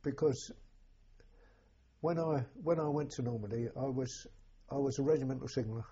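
An elderly man recalling his war years, halting and repeating words as emotion rises. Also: medium pitch, mellow. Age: older. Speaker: war veteran interviewee. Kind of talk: personal recollection. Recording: dull lo-fi recording.

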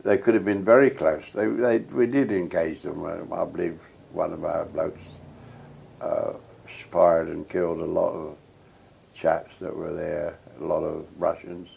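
Gravelly old man reminiscing. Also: sits low, steady tone, unhurried, highs cut off, slight background noise. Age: older. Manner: rambling, reminiscing storyteller. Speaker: veteran interviewee. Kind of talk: oral history interview.

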